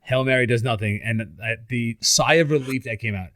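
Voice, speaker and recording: A man co-hosting a casual football podcast, swearing freely and acting out his stories with animated voices. His voice sits in a middle register and sounds close and dry, with no room around it. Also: mid-range voice, a little fast, dry recording. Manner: profane, animated storyteller. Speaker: podcast co-host. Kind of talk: casual sports chat.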